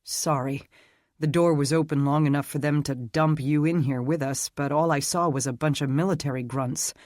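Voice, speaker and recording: A man's voice: a little high, fairly even intonation, moderate pace, a little mellow, dry recording, clean studio sound, lightly acted. Narrator doing a somber distrustful man. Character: earnest, distrustful male prisoner.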